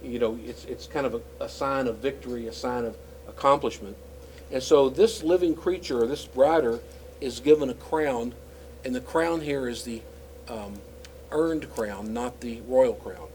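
A man's voice: medium pitch, moderate pace, darkish tone, a little hiss or hum, rough recording. A man teaching scripture in a conversational, explanatory way, with frequent fillers and restarts. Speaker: Bible teacher.

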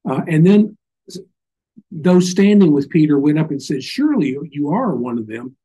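A man's voice: fairly high pitch, expressive, moderate pace, warm tone, breathy edge, rough recording. An older man with a Southern accent giving an informal Bible teaching, folksy and full of little stories and asides. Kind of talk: informal sermon.

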